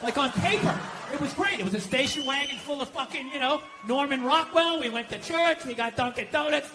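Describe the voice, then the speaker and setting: A stand-up comedian, talking in a sarcastic, profane rant. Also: male voice, very high-pitched, fairly quick. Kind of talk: stand-up and talk show compilation. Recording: noisy compilation audio.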